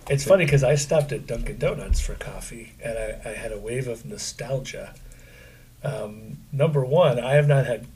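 A middle-aged man from central Pennsylvania co-hosts a casual podcast, chatting, joking and poking fun at himself. His mid-range voice is husky with a darkish tone, and he speaks at a moderate pace.

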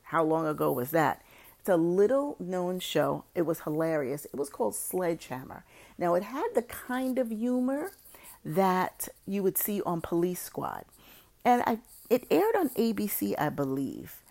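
A woman with a low, gravelly voice hosts a casual podcast. She talks in a chatty, opinionated way and drops in playful little asides. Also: very animated, a little slow, a little mellow. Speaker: podcast host.

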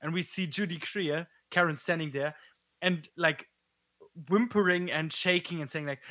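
A man co-hosting a podcast, excitedly retelling movie scenes in casual chat. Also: a little high, moderate pace, no room sound. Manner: excitable, full of fillers and restarts. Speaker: podcast co-host.

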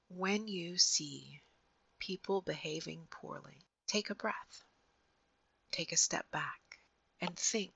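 A woman hosting a podcast, giving an earnest, gentle reflective monologue that often drops to a soft near-whisper. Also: lowish voice, creaky, breathy edge, no room sound, lo-fi sound. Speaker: podcast host.

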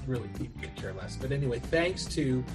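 Brief: male co-host, rambling and jokey, music clearly underneath. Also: medium pitch, expressive, brisk. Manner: chatty, rambling, self-deprecating. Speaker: podcast co-host. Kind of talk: casual podcast chat.

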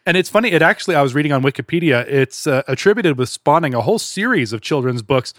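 A man chatting on a podcast with eager enthusiasm, wandering into tangents as he talks. His voice sits a little high and is recorded close and dry. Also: animated, fast talker, a bit bright, no room sound. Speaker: podcast co-host. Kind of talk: casual chat.

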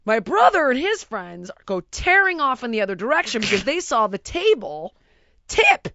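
A woman tells a story in casual chat, acting out each quote with lively energy. Her voice is bright and forceful. The sound is dry and somewhat muffled, like a dull studio mic. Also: fairly high pitch, normal speed, no room sound. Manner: animated, acts out quotes, frequent "right?". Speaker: storyteller guest. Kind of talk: casual anecdote on a podcast.

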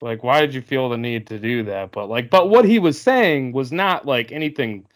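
A man talking through a casual sports podcast at an everyday pitch. He rambles, circles back and restarts his sentences often. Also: animated, normal speed. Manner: rambling, many fillers and restarts. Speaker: podcast co-host.

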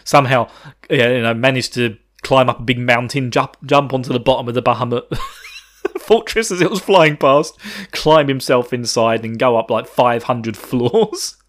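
A man with a middle-pitched voice recaps a game in loose, casual podcast chat. He is irreverent, drops swear words and keeps breaking into chuckling asides. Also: normal speed, a bit bright. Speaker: podcast host.

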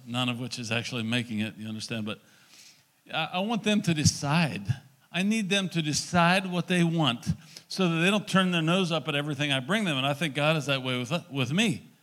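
A man's voice: medium pitch, moderate pace, a bit bright. A middle-aged male pastor giving a conversational sermon, acting out little dialogues as he teaches.

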